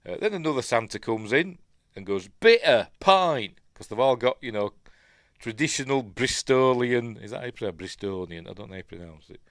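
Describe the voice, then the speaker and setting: A man's voice: on the low side, lively intonation, fairly quick, no echo, studio quality. A middle-aged man with a Yorkshire accent, rambling casually through a film commentary with asides. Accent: Yorkshire English. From Yorkshire, England. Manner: chatty, rambling, self-deprecating asides. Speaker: film review host.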